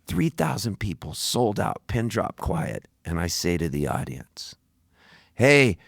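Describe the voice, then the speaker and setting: A middle-aged man tells a long, animated story in a radio studio, jumping into other people's lines as he goes. His voice sits low, and the room sounds dry and close. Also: measured pace, vocal fry, dry recording. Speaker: musician guest. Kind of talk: storytelling interview.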